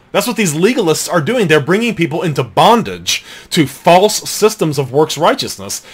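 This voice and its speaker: A man giving a polemical theological teaching talk in an emphatic, incredulous manner, reading quotations aloud and rebutting them. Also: a little high.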